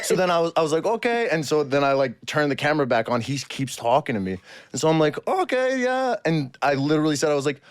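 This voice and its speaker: A man's voice: a little high, fast talker, no echo, studio quality. Laughing young man telling a story. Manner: animated, laughing, repeats himself. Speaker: guest actor. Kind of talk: casual storytelling.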